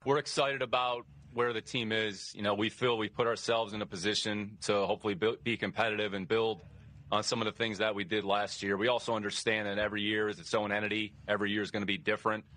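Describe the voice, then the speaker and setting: Quick, bright-toned football executive man. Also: lowish voice, rough recording. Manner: measured, steady, stock phrases. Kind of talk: press conference remarks.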